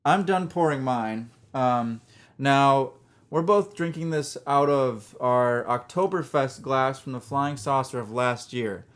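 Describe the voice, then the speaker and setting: A man's voice: medium pitch, slow pace. A young man co-hosting a casual podcast, joking and laughing often. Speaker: podcast co-host. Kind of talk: casual chat.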